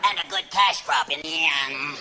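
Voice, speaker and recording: A man's voice: a little high, normal speed, pushed and bright, soft background music, voice pushed down. A man putting on a dry-humored settler, recorded live on stage. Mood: wry.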